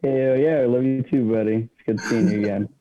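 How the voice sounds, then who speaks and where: A man's voice: medium pitch, steady tone, a little fast, dark tone. A man, a podcast guest, chatting casually in short easygoing replies. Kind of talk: casual chat. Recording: tinny phone line.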